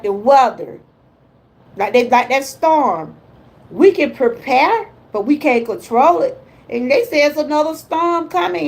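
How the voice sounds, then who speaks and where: A woman's voice: high voice, poor audio. An older woman hosting a casual motivational livestream, chatty and folksy, talking to viewers as she reads out their comments. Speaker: lifestyle vlogger hosting a livestream.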